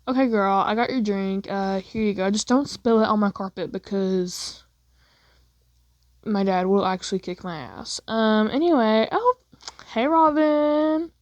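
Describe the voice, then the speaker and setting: A woman's voice: medium pitch, measured pace, no room sound, lightly acted. Bubbly gushing teen boy bestie done by a woman, dull dry lofi audio. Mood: excited. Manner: gushing, calls people "girl". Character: bubbly excitable teenage boy, chatty best friend.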